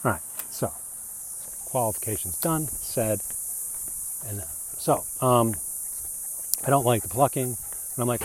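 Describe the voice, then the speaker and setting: A man talks in a loose, rambling monologue, recorded outdoors on a walk. His voice sits at a middle pitch, and a faint hiss runs underneath. He keeps breaking into mocking put-on voices to quote others. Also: measured pace, long pauses. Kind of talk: casual monologue on reading the Bible.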